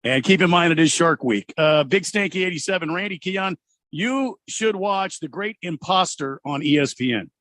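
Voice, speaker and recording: A man's voice: a little high, expressive, moderate pace, fairly bright tone. A man hosting sports talk radio, joking around and reading listener messages in a teasing, mocking way. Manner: mocking, mimics players in sarcastic voices.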